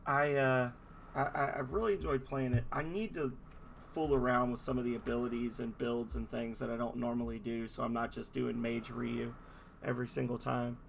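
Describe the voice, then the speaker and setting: A man's voice: mid-range voice, level tone, normal speed, vocal fry, a little hiss or hum. A man giving casual, rambling commentary while playing a game, hesitant with many restarts. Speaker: gamer playing a game on stream.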